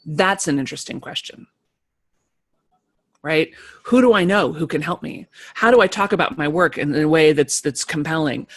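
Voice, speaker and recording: A woman giving a live motivational talk to an online group of creative people, emphatic and animated, repeating key phrases. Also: deep voice, normal speed.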